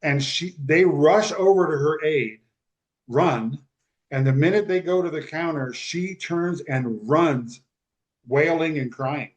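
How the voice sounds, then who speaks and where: Animated man retelling a story. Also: a little high, unhurried. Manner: animated storyteller who acts out quoted speech. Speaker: podcast guest. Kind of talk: storytelling in casual conversation.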